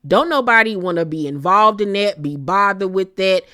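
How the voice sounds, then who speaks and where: A woman's voice: mid-range voice, normal speed, smooth, no echo, studio quality. Sassy woman recapping with blunt slang. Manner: blunt, sassy, profane, animated retelling with slang. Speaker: recap vlogger. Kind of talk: casual reality-show recap commentary.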